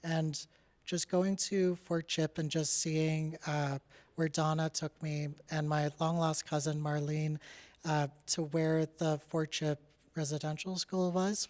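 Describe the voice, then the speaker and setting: A young adult artist from Canada gives a casual presentation about their own work, speaking candidly with many "like" and "uh" fillers and laughing now and then. The voice is medium-pitched and a little mellow, with little pitch movement and a slightly slow pace.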